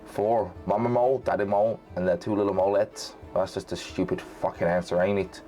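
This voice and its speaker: A man hosting a joking quiz vlog, energetic and tripping over his words, with light music behind. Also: low voice, brisk. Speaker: vlogger.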